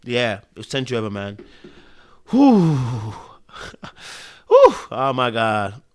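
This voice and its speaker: A man's voice: medium pitch, wildly swooping pitch. A man, hosting a casual live-stream podcast chat with viewers. He talks emotionally and repeats phrases for emphasis. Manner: swings between loud exclamations and hushed, drawn-out murmurs. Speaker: podcast host.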